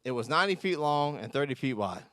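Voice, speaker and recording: A man giving a conversational sermon as pastor, telling stories with self-mocking humor and quick laughs. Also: medium pitch, animated, fairly bright tone, dry recording, clean studio sound.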